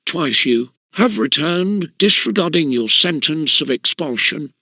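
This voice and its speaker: A man voicing a stern, formal elderly headmaster with a deep voice. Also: expressive, a little slow, pushed and bright, no room sound, heavily acted.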